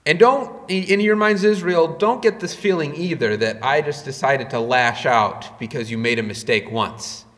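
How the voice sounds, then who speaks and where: A man's voice: moderate pace, few pauses, a bit bright, big-room sound. A man preaching a sermon as a pastor, with emphatic rises and drops in his delivery. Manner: emphatic preaching with sudden rises in pitch and volume.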